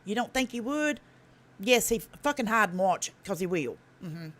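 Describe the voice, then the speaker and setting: A woman's voice: medium pitch, lively intonation, a bit bright. Profane Southern woman streamer. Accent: Southern US, Tennessee. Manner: blunt, profane, folksy drawl; fast talker. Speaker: livestream host. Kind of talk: casual live-stream commentary.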